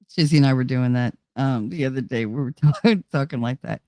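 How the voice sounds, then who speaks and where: Chatting casually and bluntly with her viewers, this livestream host reads chat, speaks to them directly and swears freely. Her voice is extremely low and mellow, a little fast with hardly any pauses, in clean studio sound with no room sound.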